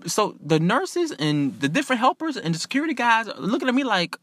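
Guy telling a wild story, cussing a lot, really animated, bright voice, dry sound. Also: sits high, fairly quick, no room sound. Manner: profane, animated, indignant and emphatic. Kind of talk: comic personal storytelling.

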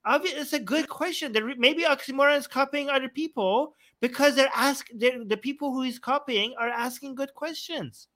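A man's voice: very high-pitched, normal speed, hardly any pauses, pushed and bright. A man hosting a heated live debate, talking over others, pressing his point insistently, and sometimes mimicking his opponent. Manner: insistent, interrupting, argumentative; mocks his opponent's words in a put-on voice. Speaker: debate show host.

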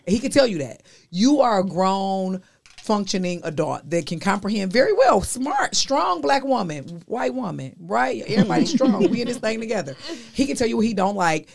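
A woman's voice: fairly low pitch, creaky, a little mellow. A woman hosting a casual group discussion, talking candidly and emphatically with conversational slang. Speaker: host.

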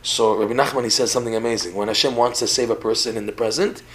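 Animated man teaching on a podcast. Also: mid-range voice, fast. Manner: animated, repeats words, laughs while telling stories. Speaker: religious teacher. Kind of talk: podcast lecture in conversation.

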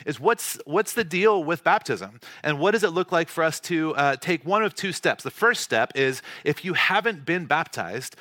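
A man's voice: a little high, animated, moderate pace, hardly any pauses, pushed and bright, dry recording. A man, a pastor telling a family story in a casual, chatty way before his sermon. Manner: casual storytelling, acts out dialogue. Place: church hall.

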